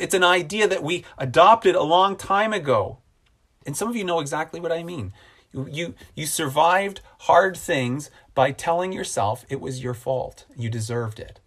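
A man preaching a sermon as a pastor, earnest and repeating phrases for emphasis, slowing down on key lines. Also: on the high side, fairly bright tone.

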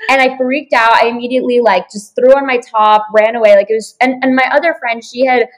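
A woman's voice: fairly high pitch, fairly even intonation, a little fast, noisy background. A young woman in a casual chat telling a story, with many filler "like"s. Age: young adult. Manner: chatty, uses lots of "like".

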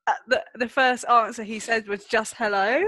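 A woman with a high, bright voice chats on a podcast and reacts to her co-host. Her pitch moves up and down a lot. The sound is dry and close, with no room echo. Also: fairly even intonation, moderate pace. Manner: chatty, backchannels and laughs. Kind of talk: casual chat.

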